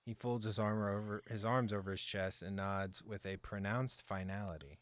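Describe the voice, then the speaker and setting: Low voiced guy doing a let's play, dry swearing asides between reading game text. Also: steady tone, moderate pace, few pauses, no echo. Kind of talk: game playthrough, reading and joking.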